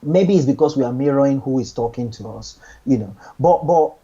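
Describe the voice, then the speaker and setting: A man's voice: mid-range voice, a little fast, warm tone, slightly rough, lo-fi sound. A man giving relationship advice in a casual chat, earnest, often repeating and restarting his words.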